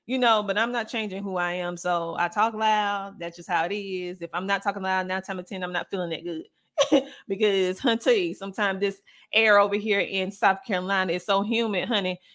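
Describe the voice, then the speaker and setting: A woman hosting a podcast with casual commentary, talking loud and animated and answering viewer comments. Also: medium pitch, moderate pace. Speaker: podcast host.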